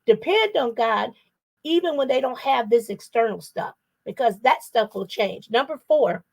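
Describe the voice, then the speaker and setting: A middle-aged woman with a high voice leads a parenting talk as a psychotherapist. She tells personal stories in an animated way and acts out the voices she quotes. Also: moderate pace, vocal fry. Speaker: psychotherapist and guest speaker.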